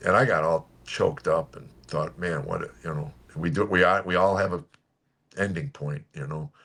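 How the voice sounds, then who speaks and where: Gravelly old comedian, real low voice, tells stories on the radio, gets quiet when it's serious. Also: male voice, normal speed. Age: 70s. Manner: animated storyteller, jumps high for quoted voices. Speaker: comedian guest. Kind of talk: storytelling radio interview.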